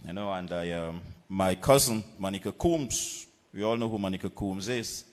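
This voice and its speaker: A man with a Vincentian accent giving a political rally speech, measured and deliberate with pauses and repetitions. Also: low voice, a little mellow, in a large hall. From Saint Vincent and the Grenadines. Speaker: political candidate. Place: outdoor political rally platform.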